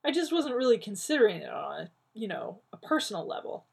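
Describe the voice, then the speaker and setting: A woman voicing an excitable, fussy man who talks quickly and indignantly, in a husky, gravelly voice. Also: on the high side, pitched above the performer's own voice, full character voice. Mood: defensive. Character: brash, fussy, excitable man, talking fast.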